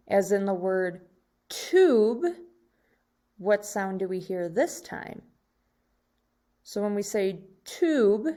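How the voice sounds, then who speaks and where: Very slow-paced woman teaching young children. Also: medium pitch, darkish tone. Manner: slow, deliberate, drawing out example words. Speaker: second grade teacher. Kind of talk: recorded slide lesson for children.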